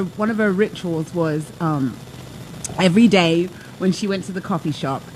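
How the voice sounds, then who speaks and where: A woman, a life coach, hosting her talk show with a lively, chatty monologue full of asides. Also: lowish voice, slight background noise, poor audio.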